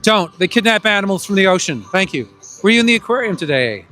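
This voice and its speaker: Outdoors in a busy public plaza, a male activist streamer does live commentary through a handheld phone mic, calling out to passers-by in a loud, projecting voice. He sounds high, bright, very animated and fast, with light music playing from outdoor speakers.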